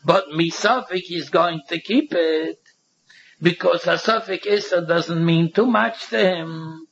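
A man's voice: on the high side, slow, vocal fry, fairly bright tone, slight background noise. A man giving a Talmud lesson in Yeshiva English, in a sing-song study-hall cadence that repeats and restarts phrases. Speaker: Talmud teacher. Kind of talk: Talmudic lecture mixing English with Hebrew and Yiddish terms. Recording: dull lo-fi recording.

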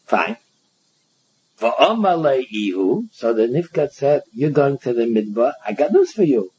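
A man's voice: medium pitch, very animated, a little mellow, breathy edge. Man teaching Talmud, Yeshivish English. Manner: halting, repeats words and restarts, reads Aramaic then translates. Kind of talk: explaining a Talmud text aloud. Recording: dull lo-fi recording.

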